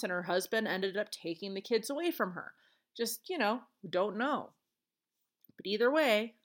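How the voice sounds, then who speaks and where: A woman hosting a podcast, retelling events alone in a chatty, earnest way with casual asides. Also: mid-range voice. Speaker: podcast host. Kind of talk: solo podcast storytelling.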